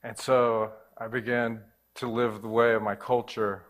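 A man's voice: medium pitch, little pitch movement, a little slow. A man preaching a sermon, telling his own faith story in a casual, earnest way. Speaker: pastor. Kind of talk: sermon testimony.

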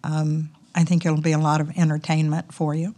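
A woman's voice: sits low, flat delivery, moderate pace, dark tone. A woman with a Southern US accent, chatting as a podcast guest in an easy, upbeat way with frequent ums and uhs. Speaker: podcast guest, company executive. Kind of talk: casual interview talk.

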